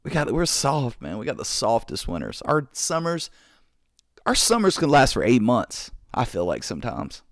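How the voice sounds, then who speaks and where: A man hosting a podcast, telling stories in an excitable, slangy way, full of dude and bro. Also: medium pitch, normal speed, no room sound, clean studio sound. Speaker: podcast host. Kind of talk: casual storytelling.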